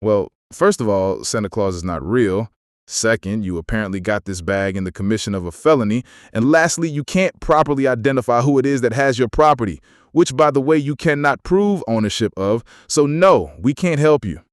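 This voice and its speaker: Smug lecturing federal agent, male, read by a synthetic narrator; lively pitch, dry close sound. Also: normal speed, dry recording, lightly acted.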